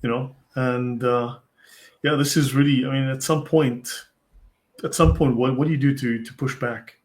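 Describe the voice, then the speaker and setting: A man with a middle-pitched, unremarkable voice hosts a relaxed, casual discussion at normal speed. He rambles loosely, often hedging with "I mean" and restarting as he works out his point.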